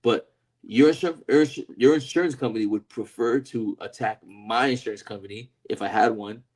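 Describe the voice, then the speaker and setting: A man's voice: mid-range voice, normal speed, darkish tone, breathy edge. A man co-hosting a casual podcast chat, laid-back and rambling, always tossing in "you know what I mean" and laughing often. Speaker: podcast co-host.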